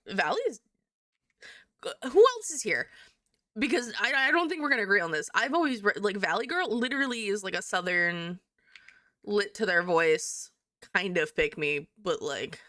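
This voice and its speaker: A woman's voice: medium pitch, animated, unhurried, long pauses, fairly bright tone, dry recording, studio quality. A woman hosting a livestream in casual chat, chatty and giggly while she reacts to viewers. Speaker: livestream host.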